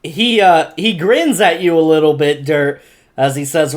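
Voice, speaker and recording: A man narrating as game master in a tabletop game, slow and dramatic. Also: on the high side.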